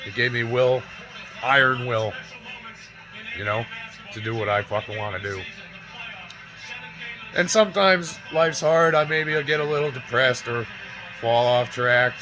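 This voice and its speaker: Speaking a little slowly with long pauses, a medium-pitched man in his forties is heard on a low-quality recording with music behind. The fitness vlogger tells a painful personal story to camera, emotional and almost crying, swearing and tacking on "right?" and "you know?".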